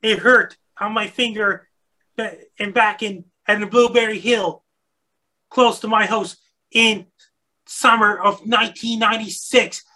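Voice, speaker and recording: Bright voice repeating exact dates. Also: mid-range voice, fairly even intonation, unhurried, poor audio. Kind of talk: casual chat.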